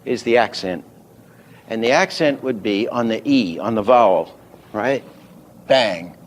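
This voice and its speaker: An older man teaching animation, unhurried and thinking aloud, often stopping to act out a line reading. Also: lowish voice, lively intonation, a little hiss or hum. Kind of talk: teaching lecture.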